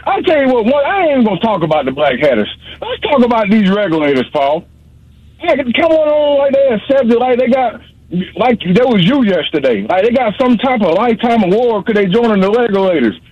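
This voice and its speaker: A man's voice: extremely high pitch, very animated, a little fast, breathy edge. A man calling in to a radio show, teasing and rambling in slang. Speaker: caller. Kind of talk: call-in radio banter. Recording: dull, dry phone-line sound.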